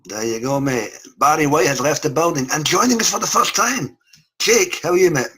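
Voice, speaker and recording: Chummy male host, husky and punchy, jokes with his panel over a video call. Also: a little high, expressive, a little fast, bright, forceful tone. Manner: jokey, chummy, calls everyone mate. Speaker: podcast host. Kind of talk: casual review chat.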